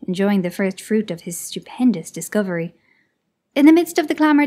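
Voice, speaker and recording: A woman narrating a classic short story as an audiobook in a measured, expressive reading. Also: a little high.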